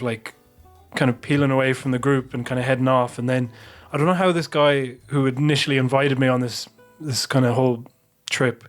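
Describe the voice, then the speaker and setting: A man on a podcast telling a long, rambling anecdote with plenty of swearing. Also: medium pitch. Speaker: podcast co-host. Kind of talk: casual podcast chat.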